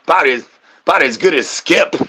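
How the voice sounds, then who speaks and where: A man's voice: on the high side, lively intonation, fairly quick, sharp tone, slight background noise. A man hosting his own stream, riffing through a rambling, absurd comedy monologue full of slang and silly repeated catchphrases. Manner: crude, slangy, joking patter with playful repeated catchphrases.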